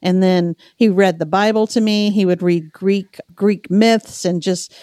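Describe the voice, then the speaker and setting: A woman's voice: medium pitch, unhurried, dry recording, clean studio sound. Chatty woman with a slight Southern accent. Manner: animated storyteller, acts out family members' voices. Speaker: podcast host. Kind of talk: casual chat.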